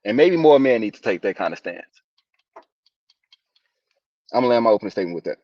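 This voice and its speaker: Lower-voiced father, firm and lecturing. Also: animated, quick pace, a little mellow, no echo, muffled recording. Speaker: guest, father. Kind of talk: opening statement in a discussion.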